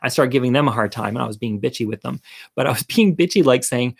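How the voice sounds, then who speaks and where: A man's voice: medium pitch, fairly even intonation, fast talker, vocal fry, breathy edge. A man telling a comic personal story in a casual monologue, campy and candid, with chatty, self-deprecating asides to the viewer.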